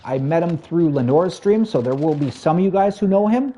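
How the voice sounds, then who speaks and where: Here the man sounds a little high and animated, talking a little fast in a dark tone. He's a chatty Canadian streamer with a Canadian English accent, greeting chat and viewers by name and filling his casual gaming talk with friendly fillers.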